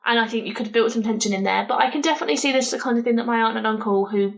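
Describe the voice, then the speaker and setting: A woman with a fairly high voice chats casually as a podcast co-host. She speaks in an opinionated, chatty way, with quick asides. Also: gravelly. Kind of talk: casual chat.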